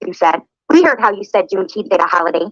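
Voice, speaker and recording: A woman's voice: medium pitch, animated, fast talker, no room sound. A woman hosting a livestream, upset and defensive in a heated argument. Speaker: livestream host. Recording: dull lo-fi stream audio.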